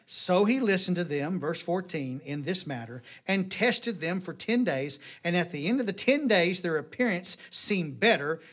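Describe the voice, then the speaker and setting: A middle-aged man preaching a sermon in a church, folksy and joking, telling stories with animated delivery. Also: high voice, moderate pace, hardly any pauses. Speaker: pastor. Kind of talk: sermon with jokes.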